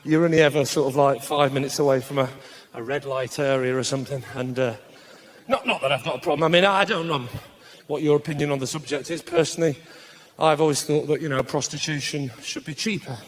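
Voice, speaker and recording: A man doing live stand-up comedy, cheeky and brisk, bursting into shouted punchlines. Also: on the high side. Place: live comedy stage before an audience.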